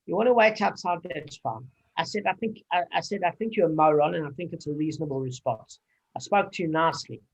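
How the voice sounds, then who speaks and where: A man's voice: a little high, fast talker, breathy edge, highs cut off. A man leading a casual Talmud study group, explaining at length with anecdotes and many fillers.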